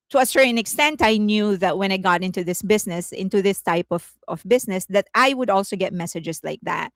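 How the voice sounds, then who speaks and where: A woman with a medium-pitched voice and no echo chats casually with her viewers as a content creator. She repeats herself a lot, uses plenty of fillers, and often bursts out laughing.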